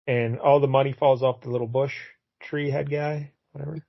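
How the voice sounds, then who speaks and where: A man's voice: medium pitch, flat delivery, normal speed, vocal fry, highs cut off. A man co-hosting a podcast, casually retelling a comic book's story with many fillers and acted-out lines. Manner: rambling, retells the plot and acts out characters' lines. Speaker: podcast co-host. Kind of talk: casual comic book review chat.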